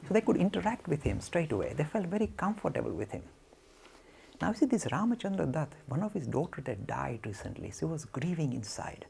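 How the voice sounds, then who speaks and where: A man giving a spiritual talk, telling a story in an animated way and acting out the quotes. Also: on the high side, fairly quick, gravelly, slight background noise. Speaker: lecturer.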